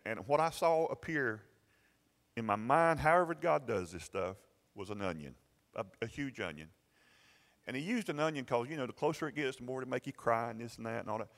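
Folksy and prone to chuckling, a middle-aged Southern American pastor shares a personal anecdote mid-sermon, tripping over repeated words along the way. His mid-range voice is a bit bright, and the church sanctuary leaves a long hall reverb on the recording.

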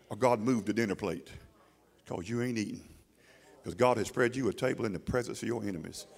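A man's voice: mid-range voice, creaky, big-room sound. Folksy preacher man. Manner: folksy, animated, mocking put-on voices. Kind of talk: sermon. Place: church hall before a congregation.

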